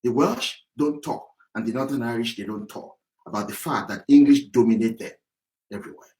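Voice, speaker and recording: A man's voice: mid-range voice, a little fast, darkish tone, low-quality recording. A man from southwest Nigeria, delivering an angry, emphatic political monologue as a campaigner. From southwest Nigeria (Yorubaland). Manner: angry, ranting, emphatic, repetitive.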